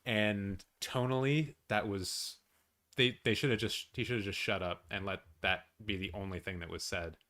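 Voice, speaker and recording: Excitable swearing man reacting live. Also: fairly low pitch, normal speed. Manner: excitable, swears a lot, talks to chat. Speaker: streamer hosting a live watch-along. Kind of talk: casual live-stream reaction chat.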